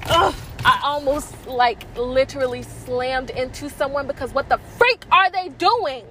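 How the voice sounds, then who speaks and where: High-voiced, chatty young woman vlogger. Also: a little slow, slight background noise, low-quality recording. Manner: chatty, filler-heavy, excitable. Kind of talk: casual vlog storytelling.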